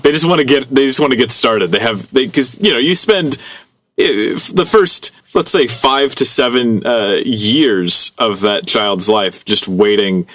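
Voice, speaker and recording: A man's voice: mid-range voice, measured pace, fairly bright tone, no room sound. A man in his thirties co-hosting a podcast, chatting casually and reading listener stories, rambling and musing with laughs between thoughts. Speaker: podcast co-host.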